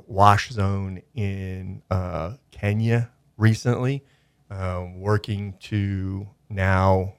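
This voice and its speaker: A man's voice: low voice, smooth, no echo. A man, a guest on a local radio talk show, chatting in an enthusiastic, rambling way with many fillers. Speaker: studio guest, media company owner. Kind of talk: casual radio chat. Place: radio studio.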